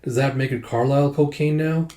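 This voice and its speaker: A man's voice: mid-range voice, steady tone, fairly quick, mellow, echoey room, lightly acted. A man reading a wry, nervous older brother who jokes to ease tension.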